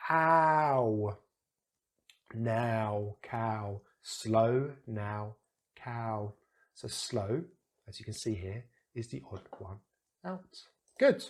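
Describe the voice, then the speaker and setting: A man's voice: fairly low pitch, expressive, slow pace, darkish tone. British male teacher, patient, demonstrative, breaks words into single sounds. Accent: British English. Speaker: English pronunciation teacher. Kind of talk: explaining pronunciation to camera.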